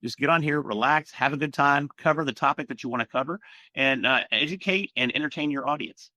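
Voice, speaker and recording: A man chatting as a guest on a podcast, telling stories in a relaxed, animated way. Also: mid-range voice, fairly quick, no room sound. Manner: relaxed storyteller, animated asides. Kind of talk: casual conversational interview.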